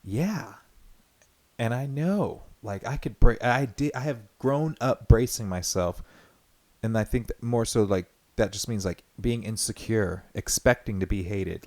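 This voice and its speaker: A man hosts his own podcast in a reflective solo monologue, speaking earnestly and rambling with plenty of fillers and restarts. His voice is medium-pitched and a little mellow, at a moderate pace.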